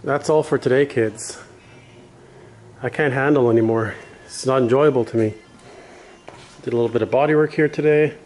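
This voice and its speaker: A man's voice: mid-range voice, moderate pace, long pauses, darkish tone, slight background noise, rough recording. A man doing a casual garage vlog as a home mechanic, blunt and self-deprecating, swearing now and then, out of breath at times.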